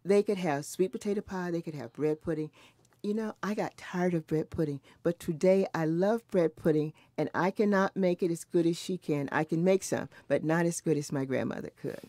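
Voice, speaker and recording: Low, dark-voiced woman in her seventies. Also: normal speed, no room sound. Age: 70s. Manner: earnest, reflective, with many restarts. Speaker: interviewee. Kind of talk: recorded oral history conversation.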